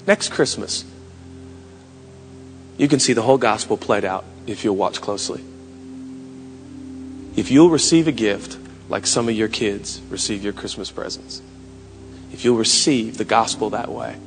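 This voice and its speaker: A man in his thirties preaching a sermon with passion, his voice climbing to shouts and dropping to quiet asides. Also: on the low side, animated, normal speed, gravelly, pauses often. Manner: impassioned preaching, rising to shouts. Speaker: pastor. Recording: long hall reverb, music behind.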